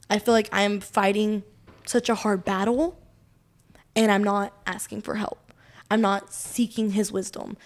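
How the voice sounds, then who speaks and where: A young adult woman co-hosting a casual faith podcast, sharing a personal testimony in an earnest, rambling way, full of "like" and quoted inner thoughts. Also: on the high side. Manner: earnest, rambling, heavy use of "like"; quotes her own thoughts aloud, laughs often. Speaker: podcast co-host.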